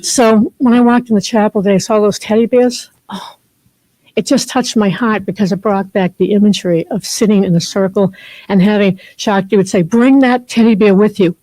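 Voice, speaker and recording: A woman's voice: mid-range voice, steady tone, normal speed, dark tone, no echo, poor audio. Heartfelt woman giving a rambling spiritual talk. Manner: heartfelt, rambling storytelling with many fillers. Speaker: guest speaker, therapist and spiritual teacher. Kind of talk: personal spiritual talk to a group. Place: chapel.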